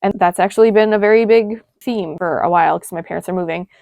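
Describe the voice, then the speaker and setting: Gravelly, smooth-voiced woman explaining planner pages. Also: mid-range voice, fast talker, darkish tone, no room sound, studio quality. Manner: chatty, self-correcting, talks while pointing at pages. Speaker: planner creator and astrology guide. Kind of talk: casual tutorial walkthrough.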